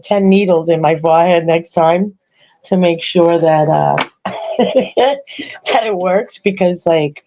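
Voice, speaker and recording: A woman's voice: on the low side, darkish tone, low-quality recording. Chatty grandmother hosting a podcast. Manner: chatty, rambling, laughs often. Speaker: podcast host. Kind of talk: casual chat.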